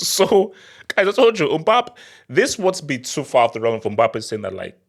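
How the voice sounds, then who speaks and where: A young man hosting a football channel, talking in an excitable, laughing rant. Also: a little high, normal speed, vocal fry. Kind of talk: animated football commentary vlog.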